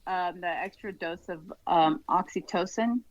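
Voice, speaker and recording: A woman guest on a podcast, talking in a relaxed, rambling way with lots of fillers. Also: on the low side, a little slow, dry recording, highs cut off. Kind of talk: casual conversation.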